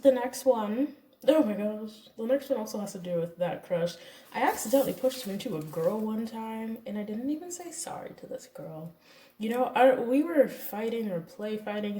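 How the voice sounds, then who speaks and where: Chatty young woman, mellow echoey voice. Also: a little high, far from the mic. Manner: chatty, self-deprecating, lots of fillers. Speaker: YouTuber. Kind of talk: casual confessional story time. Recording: echoey room, voice a bit off-mic.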